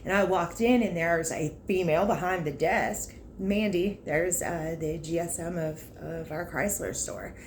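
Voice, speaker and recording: A car salesperson talks about her work in a casual personal vlog, candid and emotional, with laughs and frank asides. Her voice is lowish and her pace measured, with hardly any pauses. There's slight background noise.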